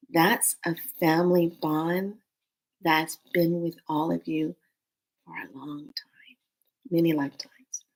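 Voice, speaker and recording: A woman's voice: low voice, rough recording. A woman telling an emotional personal spiritual story, earnest and speaking directly to her listeners.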